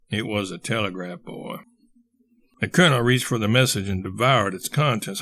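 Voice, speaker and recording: A man reading a classic novel aloud in measured, steady narration. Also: lowish voice. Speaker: audiobook reader. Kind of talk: scripted narration.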